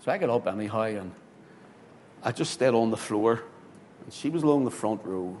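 A man, a pastor telling a story in a sermon, swinging from loud, excited bursts to hushed tones. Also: moderate pace. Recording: hall reverb with faint rumble.

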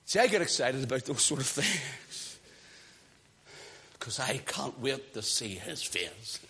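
A man from the British Isles preaching a fiery sermon in a church, swinging from hushed talk to shouted praise. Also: mid-range voice, big pitch swings, takes it slowly, slight background noise.

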